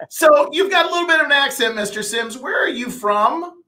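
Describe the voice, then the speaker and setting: A man hosts a podcast interview with an eager, welcoming manner. His voice is high for a man and bright, with a forward edge. He often stumbles into his questions with uhs and restarts. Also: lively intonation. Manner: eager, with halting fillers and restarts. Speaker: podcast host.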